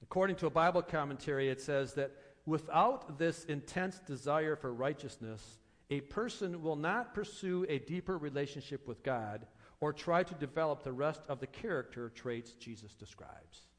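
A man's voice: fairly high pitch, moderate pace. A man preaching a sermon as pastor, earnest, asking rhetorical questions and repeating phrases for emphasis.

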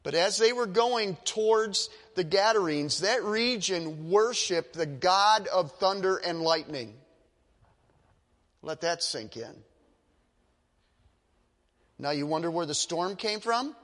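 High-voiced emphatic preacher man. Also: lively intonation, takes it slowly, pauses often, fairly bright tone, big-room sound. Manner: emphatic, dramatic storytelling. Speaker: pastor. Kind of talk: sermon.

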